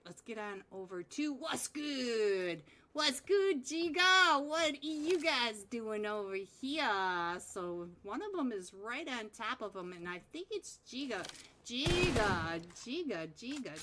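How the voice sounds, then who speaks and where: A woman's voice: a little high, expressive, unhurried, few pauses, noisy background. A young woman casting a mobile battle royale match live, playful and giggly, chatting with viewers between play calls. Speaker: esports caster. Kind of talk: live game commentary.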